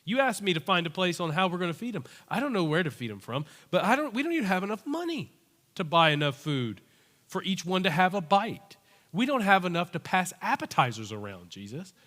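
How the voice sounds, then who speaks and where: A preacher voicing an exasperated, doubting disciple. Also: male voice, high-pitched, sing-song, a little fast, pushed and bright, long reverb tail, full character voice. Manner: incredulous, pleading.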